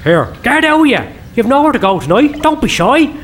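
A man's voice: extremely high pitch, sing-song, moderate pace. A man playing a sly, swearing detective, teasing in a comedy sketch. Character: cheeky, foul-mouthed detective, sly mischief-maker.

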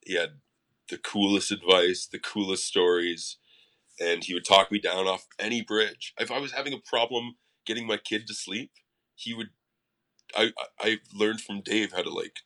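A man, a musician guest on a podcast, telling stories in a casual, animated way and swearing freely. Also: lowish voice, normal speed. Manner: profane, animated storyteller. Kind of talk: casual interview storytelling.

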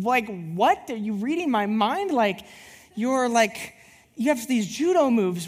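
A woman preaching a sermon as a youth pastor, with a husky, slightly breathy voice. She tells her stories with animation and slips into the voices of the people in them. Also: on the high side, moderate pace. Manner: animated storyteller who acts out dialogue. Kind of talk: sermon with personal storytelling.

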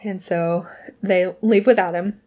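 A woman's voice: lowish voice, fairly even intonation, measured pace, darkish tone. A woman casually retelling a film plot to a friend, chatty and often laughing. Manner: chatty, laughs often, acts out characters' lines.

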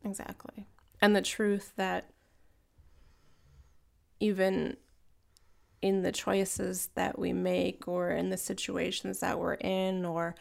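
A woman's voice: fairly low pitch, gravelly. A woman co-hosting a faith-based conversation, talking in an earnest, reflective way.

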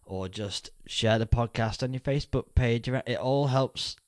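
A man's voice: medium pitch, measured pace, dry recording. Man, podcast host, casual chat, teasing humor, dry close recording. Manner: jokey, teasing introductions.

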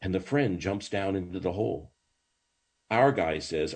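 An older man speaks with a deep, husky voice. He is a rabbi telling stories as a guest in an interview. His delivery is lively and swooping, full of restarts and asides. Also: a little slow. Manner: animated, swooping storyteller with many false starts. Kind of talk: storytelling in a podcast interview.

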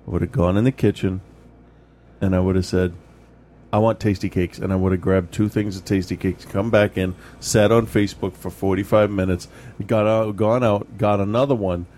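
A man's voice: lowish voice, fairly even intonation, normal speed, darkish tone, slight background noise. A man co-hosting a casual podcast chat, telling rambling self-deprecating stories with lots of restarts. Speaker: podcast co-host.

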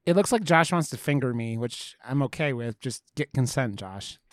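A man co-hosting a podcast in casual chat, excitable, swearing and laughing as he talks. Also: mid-range voice, normal speed, no room sound, clean studio sound. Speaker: podcast co-host.

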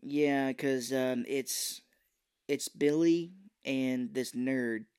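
A man's voice: mid-range voice, a little mellow, clear, resonant tone. Chatty male podcast co-host. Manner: retells scenes with quick impressions, easygoing and chatty. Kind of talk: casual film review chat.

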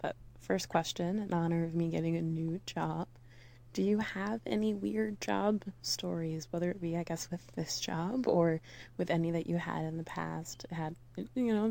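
A woman's voice: on the low side, moderate pace, vocal fry, dark tone. A woman casually asking a podcast host questions, a bit apologetic. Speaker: listener sending in questions.

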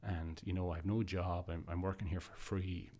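A man voicing a discouraged young male newspaper photographer from a comic book, in his own low voice, hesitant and downcast. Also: fairly even intonation, normal speed, dark tone.

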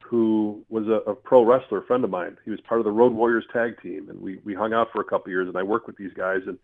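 A man's voice: lowish voice, fast talker, gravelly. Middle-aged man on a tinny phone line. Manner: earnest, animated storyteller acting out his own asides. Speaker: guest. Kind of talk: telling a personal story in conversation.

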